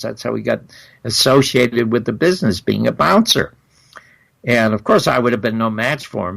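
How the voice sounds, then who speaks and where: An older man, a guest in an interview, recounting stories in an animated way and acting out the exchanges he quotes. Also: on the low side, gravelly. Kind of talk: storytelling in a long interview.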